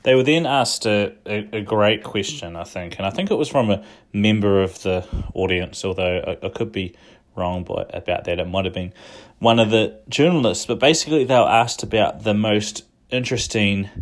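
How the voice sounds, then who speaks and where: A man with a low, deep voice talks through his thoughts in a casual commentary. He often restarts his sentences and wanders into asides as he goes. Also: normal speed. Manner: thinking aloud, frequent restarts and asides. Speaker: commentator recapping a shareholder meeting.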